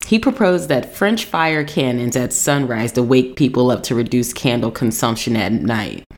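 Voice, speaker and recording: A woman with a low-pitched voice talks casually with a co-host. She tells stories animatedly and laughs often. She swears freely, and her voice shoots up when she quotes herself. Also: normal speed. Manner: animated storytelling, jumps high when quoting herself. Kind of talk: casual chat.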